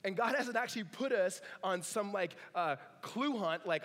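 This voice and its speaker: A man's voice: sits high, lively intonation, normal speed, few pauses, a bit bright, big-room sound. A man preaching a sermon as a pastor, conversational, with humorous asides.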